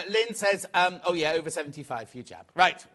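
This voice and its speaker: A man's voice: sits high, expressive, normal speed, pushed and bright, husky. A man presenting live on a shopping channel, chatty and jokey, stumbling over prices as he talks. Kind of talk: live TV selling chat.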